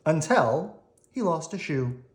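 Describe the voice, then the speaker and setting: A woman reading a bedtime story aloud to her child at home, playful and animated. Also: sits low, takes it slowly.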